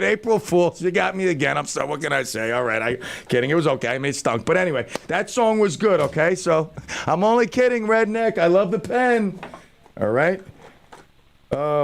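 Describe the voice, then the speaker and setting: Radio host type: gravelly, a bit high-pitched man with playful, self-mocking chatter. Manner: joking, self-mocking banter. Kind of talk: casual radio talk. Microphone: studio microphone.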